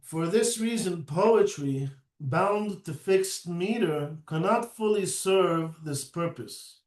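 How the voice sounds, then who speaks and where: A man lecturing at a slow, deliberate pace, his voice sitting notably high for a man. He keeps checking in with the listener with a questioning "right?" and fills gaps with "uh". He is picked up from some distance in an echoey room. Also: a little mellow. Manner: unhurried, often adds a questioning "right?" and "uh". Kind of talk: recorded lecture.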